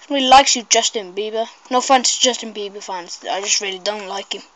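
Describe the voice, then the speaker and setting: A woman giving casual, rambling gameplay commentary, excitable and shrieking at mishaps. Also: mid-range voice, fast talker, dry recording, poor audio.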